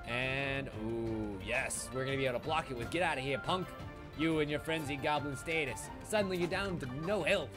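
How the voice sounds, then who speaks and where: A man giving live commentary while he plays a video game, excitable and quick to swear when things go wrong. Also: on the high side. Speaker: game streamer. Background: game music.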